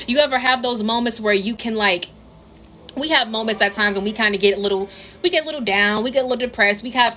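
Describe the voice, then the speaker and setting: Young woman, bright higher voice, casual tarot reader, repeats her points, faint room hiss. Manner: chatty, repeats herself, addresses viewers as queens. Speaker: tarot reader and spiritual coach. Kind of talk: casual tarot reading monologue to viewers.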